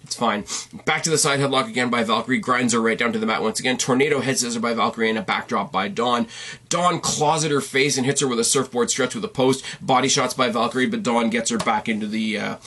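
A man's voice: mid-range voice, fairly bright tone. A man hosting a podcast, giving a casual, rambling recap with wry asides and self-corrections, sounding congested and tired. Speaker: podcast host reviewing wrestling. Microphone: on camera at a desk.

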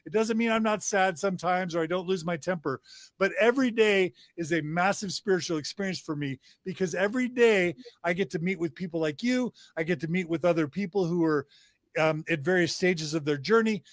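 A man's voice: sits high, brisk, no echo, studio quality. A middle-aged man, a podcast guest, talking with passion and piling up emphatic lists of praise. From United States. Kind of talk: enthusiastic interview talk.

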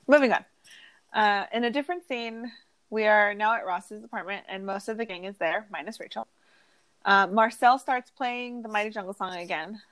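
A woman's voice: medium pitch, normal speed, poor audio. A woman hosting a podcast, chatting casually and recapping an episode, often laughing through her stories. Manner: laughs often, animated storytelling. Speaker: podcast host.

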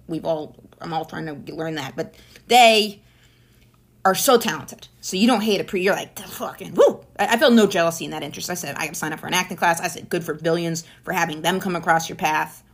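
A woman comedian in her thirties, from Maine, telling rambling stories in casual podcast chat, full of profanity and animated asides. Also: fairly low pitch, husky. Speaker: stand-up comedian.

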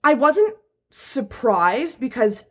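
A woman's voice: high-pitched, big pitch swings, slow. A woman co-hosting a laid-back chat, telling a story with plenty of feeling. She swears freely and leans on fillers like "like" and "um". Her voice sits a little above the usual for a woman. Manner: emotional, swears often, many fillers. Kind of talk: casual chat.

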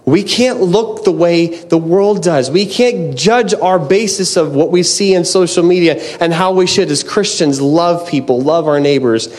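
Earnest, slightly high-voiced male preacher. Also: measured pace, few pauses, darkish tone. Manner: earnest, restarts often, says "man" and "like". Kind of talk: conversational sermon.

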